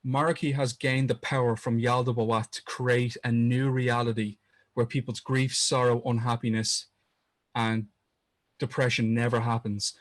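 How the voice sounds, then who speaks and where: A man's voice: medium pitch, flat delivery, measured pace, dry recording. A man co-hosting a podcast, earnestly retelling a story in casual chat, often restarting his sentences. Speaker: podcast co-host.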